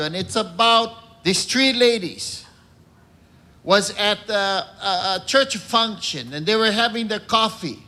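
A man with a high, bright voice works through his jokes in character as a churchman. He takes his time and lets each line land before he goes on. The delivery is a stand-up routine, built on pauses before each punchline. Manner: slow, deliberate joke delivery with punchline pauses. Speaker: comedian in a cardinal persona. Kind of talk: stand-up joke telling.

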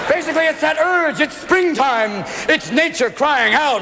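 A high, gravelly man working a stand-up set with wild swings of pitch. His voice rings with long reverb off a big club, and a loud laughing crowd and steady noise sit behind him. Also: unhurried, hardly any pauses. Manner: animated, swings into gruff character voices. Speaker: stand-up comedian. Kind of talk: stand-up routine. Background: laughing audience.

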